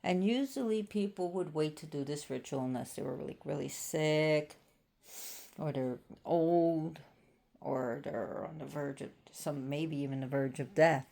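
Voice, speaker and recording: A woman's voice: deep voice, unhurried, creaky, dark tone. A woman from Florida giving a casual, rambling spoken presentation on an occult topic, often circling back with "so anyways.". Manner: chatty and rambling, with frequent "so anyways".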